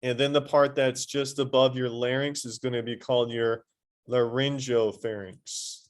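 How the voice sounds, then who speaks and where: A man teaching a high school anatomy lesson in a classroom, quizzing his students and adding playful asides. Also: flat delivery, unhurried. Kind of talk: classroom lecture.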